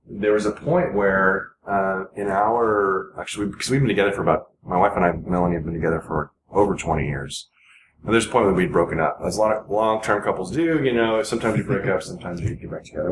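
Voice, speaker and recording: A man in his forties, a podcast guest, talking earnestly in a rambling, halting way full of restarts. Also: sits low. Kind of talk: casual podcast conversation. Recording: echoey room with noticeable background noise.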